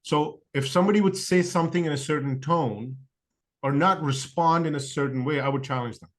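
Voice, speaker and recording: A man's voice: on the high side, a little fast. A man speaking as a guest in an interview, thoughtful and conversational, often restarting sentences and acting out quoted excuses. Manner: thoughtful, lots of fillers and restarts; acts out other people's quoted excuses. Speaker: podcast guest.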